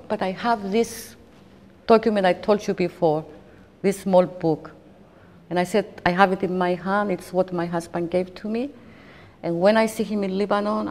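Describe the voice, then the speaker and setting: A woman in her fifties giving halting, emotional documentary interview testimony, often restarting her sentences. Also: fairly low pitch, a little mellow. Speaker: interviewee recounting a personal ordeal. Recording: long hall reverb.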